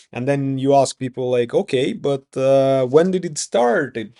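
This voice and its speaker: Slow, mellow Russian-accented man. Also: medium pitch. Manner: rambling, swears often, self-interrupting. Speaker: vlogger. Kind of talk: casual monologue.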